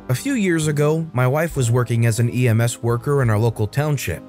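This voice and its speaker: A man's voice: medium pitch, lively intonation, brisk, few pauses, darkish tone. A man narrating Reddit stories as a scripted read, adding his own comments between them. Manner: reads stories aloud with brief commentary. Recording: faint music behind.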